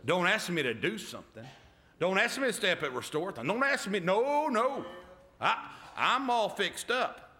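Male preacher, middle-aged, bright forceful tone, fairly high, call-and-response delivery. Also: sing-song, moderate pace. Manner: emphatic call-and-response, repeated "amen?". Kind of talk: sermon.

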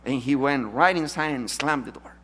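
A man preaching a sermon, emphatic, swinging from loud declarations to hushed asides. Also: mid-range voice, normal speed, slightly rough.

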